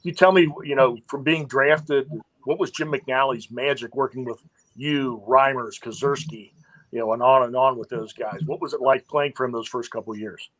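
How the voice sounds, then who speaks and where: A man hosts a casual football talk show and interviews a guest. He asks loose, conversational questions and peppers them with "you know". His voice sits at a medium pitch. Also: steady tone, normal speed, a bit bright, rough recording. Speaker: show host.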